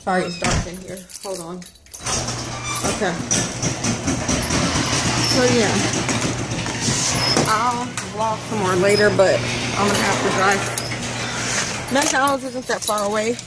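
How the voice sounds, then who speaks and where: Woman vlogger, casual rambling chat, mid-range voice, recorded in a car on a handheld cam with steady road noise. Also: mid-range voice, takes it slowly, pauses often. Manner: chatty, rambling, self-deprecating. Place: inside a car while driving. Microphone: handheld camera or phone.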